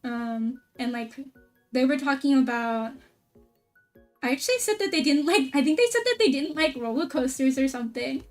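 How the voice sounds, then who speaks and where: A woman VTuber streamer chatting casually, excitable and rambling, with a lot of "like" fillers. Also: high voice, moderate pace, distant mic, faint music behind. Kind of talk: casual stream chat recap.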